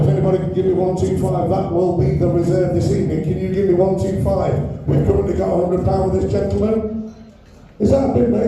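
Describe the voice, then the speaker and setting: A British man works a live auction in a big hall, calling bids and ribbing the crowd. His voice sits high and very dark, almost muffled. He is caught from far off, with heavy booming echo all around him. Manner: loud, joking banter with the crowd, pushing for bids. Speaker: charity auctioneer at a fan evening. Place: large echoey function hall with an audience.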